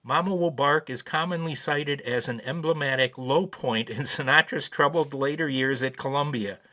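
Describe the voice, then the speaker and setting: A man's voice: a little high, normal speed, pushed and bright. A man in his seventies hosting a podcast, reading prepared notes with dry, wry asides. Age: 70s. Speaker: podcast host. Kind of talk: casual commentary reading notes.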